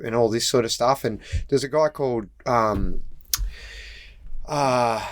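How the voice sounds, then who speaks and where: A middle-aged man with an Australian accent tells racing stories on a podcast. He is animated and laughs often, and he acts out the people in his stories. His voice is recorded close and dry, with the medium pitch of a typical man's voice. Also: a little slow, pauses often, no echo. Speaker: podcast guest, retired road racer. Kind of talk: casual storytelling. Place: outdoors in a busy race paddock.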